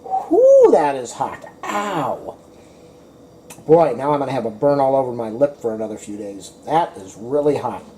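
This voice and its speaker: A man's voice: mid-range voice, brisk, hardly any pauses, dark tone, slight background noise. A man chatting to his viewers in a casual home cooking vlog, talking to his dog between bites. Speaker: cooking vlogger.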